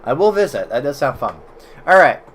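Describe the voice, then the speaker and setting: An American man casually commenting while playing old browser games for his stream chat, swearing and reacting loudly as he plays. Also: mid-range voice, sing-song, brisk, faint music behind. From United States.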